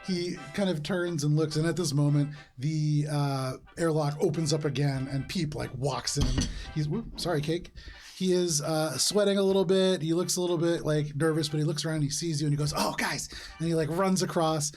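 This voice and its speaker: A man's voice: fairly high pitch, fairly even intonation, moderate pace, darkish tone, faint music behind. A man narrating a tabletop game as game master, describing scenes casually with plenty of "like" and "uh". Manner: casual, descriptive, with frequent fillers.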